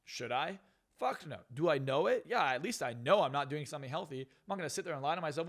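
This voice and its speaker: A man's voice: a little high, expressive, fast. A man on a podcast talking bluntly and profanely, ranting with strong opinions. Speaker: podcast guest. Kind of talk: casual podcast talk.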